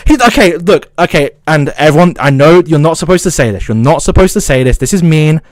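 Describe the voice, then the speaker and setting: Streamer, man, southern English accent, high lively voice, stuttering angry rant, dry close sound. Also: brisk, few pauses, no echo. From south of England. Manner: angry, swearing, excitable. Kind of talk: casual livestream rant.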